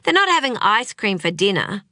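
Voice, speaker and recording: An exasperated young mother with a sharp tongue, read by a woman. Her words come out clipped and fed up, in a bright, close, dry voice. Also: medium pitch, very animated, moderate pace, dry recording, pitched above the performer's own voice.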